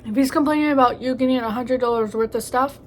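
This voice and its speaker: This young woman speaks fast in a high-pitched voice while chatting between bites in a casual mukbang vlog. She's joking and crude, with a stuffy nose from allergies, and there's slight background noise.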